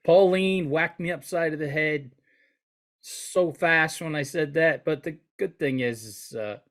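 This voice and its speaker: A man's voice: a little high, measured pace, a bit bright. A man co-hosting a podcast who rambles and jokes in casual banter with his partner. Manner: joking, rambling. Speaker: podcast co-host, flooring contractor.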